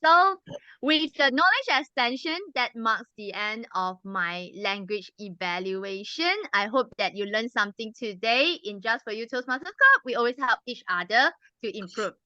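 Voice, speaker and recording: A woman, speaking in a bright, fairly high and forceful voice. She teaches with patience, slowing down to drill each sound for the group. The recording is dull and lo-fi. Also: lively intonation, no room sound. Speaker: club president giving a language evaluation. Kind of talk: explaining grammar and pronunciation at a club meeting.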